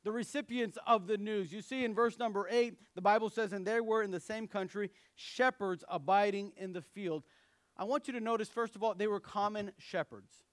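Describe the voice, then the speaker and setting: Young male preacher, high voice, dry close sound, animated storytelling sermon. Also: moderate pace, no echo. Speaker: pastor.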